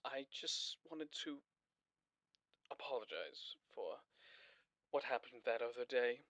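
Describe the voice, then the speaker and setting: A man voicing a remorseful TV-headed man leaving a halting, hushed apology on a voicemail. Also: mid-range voice, expressive, no room sound.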